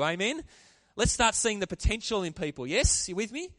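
A man preaching a sermon, animated and calling out to the congregation for responses. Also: sits high, normal speed, hardly any pauses, no echo, clean studio sound. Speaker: pastor.

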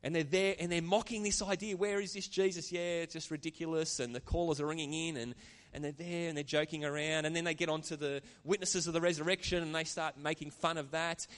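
A man's voice: a little high, a bit bright, in a large hall. A man preaching a sermon as pastor, earnest and conversational, with chatty asides to the congregation. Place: church.

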